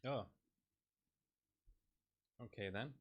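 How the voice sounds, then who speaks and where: A man casually commenting on his livestream, thinking aloud in a halting way with fillers. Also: fairly low pitch. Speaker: overclocking livestream host.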